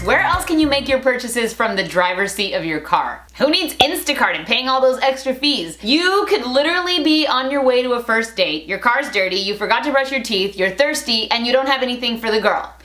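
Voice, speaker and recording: A woman's voice: a little high, fairly bright tone. Playful, chatty woman vlogger. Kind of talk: casual talk to camera. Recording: roomy echo.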